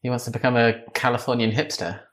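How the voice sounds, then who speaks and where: A man co-hosting an improvised comedy sketch, quick with jokes and often laughing. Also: mid-range voice, steady tone, fairly bright tone. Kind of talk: casual improv chat.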